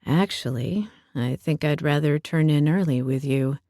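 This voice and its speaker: A woman doing a soft, low young man. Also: dry recording, studio quality. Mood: teasing. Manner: soft, low and slow, teasing. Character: young man, gentle tender vampire-like boyfriend.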